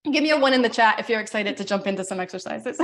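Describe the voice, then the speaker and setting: A woman breath coach runs a live workshop over a video call. She rattles through her explanations, then slows right down and softens to guide each breath and count. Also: mid-range voice. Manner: talks fast, then slow and soothing when guiding breaths.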